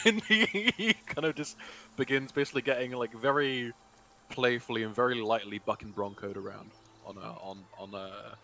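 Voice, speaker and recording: A man's voice: mid-range voice, normal speed, vocal fry, sharp tone. A man in casual play at a tabletop game, rambling and laughing as he talks. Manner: rambling, full of fillers and laughs.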